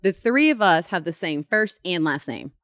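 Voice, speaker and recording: A young woman, co-hosting a podcast and telling a story in an animated, laughing way. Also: lowish voice, moderate pace, dry recording, studio quality. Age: 20s. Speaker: podcast co-host. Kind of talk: casual chat.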